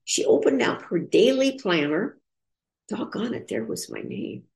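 An older woman, an author in recovery, telling a personal story in a reflective, halting, earnest way. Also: mid-range voice, sing-song, creaky, a little mellow.

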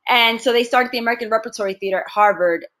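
Brief: a lively actress as an interview guest, somewhat high voice, relating stories with laughs. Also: female voice, very fast. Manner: animated storyteller, laughs often. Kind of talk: casual interview conversation.

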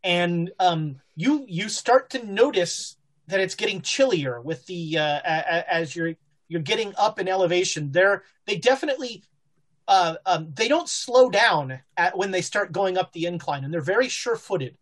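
A woman narrating a horror tabletop game as game master, halting with fillers and restarts. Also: lowish voice, animated.

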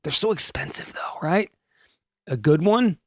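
A middle-aged man hosts a comedy news podcast with a lively voice that swoops up and down. His pitch sits a bit high for a man. He is recorded close to a dry microphone. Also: measured pace, no room sound. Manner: joking, animated, puts on silly voices for quotes. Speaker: podcast host. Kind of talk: casual comedic news chat.

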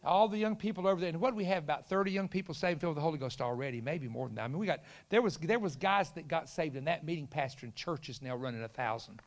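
Fast and barely pausing, a middle-aged man with a fairly high-pitched voice delivers a sermon built around a story. He animates it by impersonating the people involved and shouting the punchlines.

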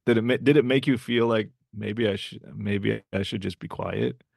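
Guy hosting a podcast, gravelly mid voice, dry close mic, asks stuff slowly with lots of "um". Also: lowish voice, fairly even intonation, no room sound. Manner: hesitant, gentle questions. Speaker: podcast host. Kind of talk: casual interview.

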